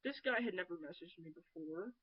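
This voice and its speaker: A woman's voice: fairly low pitch, animated, fairly quick, slightly rough, dull audio. A woman vlogger giving a blunt, sarcastic, profane rant straight to camera. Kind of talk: ranting vlog monologue.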